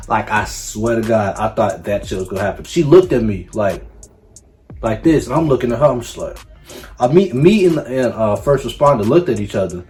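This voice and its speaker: Low-voiced young man telling a storytime. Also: moderate pace, faint music behind. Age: young adult. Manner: casual, profane, animated storytelling with slang. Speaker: YouTuber. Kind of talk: storytime vlog.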